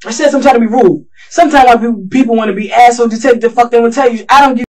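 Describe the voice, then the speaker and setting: A man's voice: very high voice, rapid-fire, a crowd in the background. A man under police interrogation, rambling and profane, mumbling at times and growing agitated at others. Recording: distant mic with faint noise.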